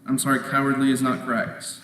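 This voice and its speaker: Male quiz moderator, measured and methodical, in a big roomy hall with a distant mic. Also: medium pitch, a bit bright. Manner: measured, repeats questions and rules on answers. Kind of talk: reading quiz questions aloud. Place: large indoor competition hall. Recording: echoey hall from far off, faint noise.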